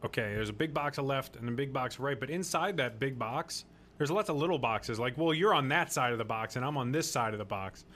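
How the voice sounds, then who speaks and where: A man of middle pitch hosts a faith-based podcast discussion. He talks in an earnest, preachy way and hammers his points home by repeating them. Faint noise sits under his voice. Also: animated, a little fast, a bit bright. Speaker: podcast host.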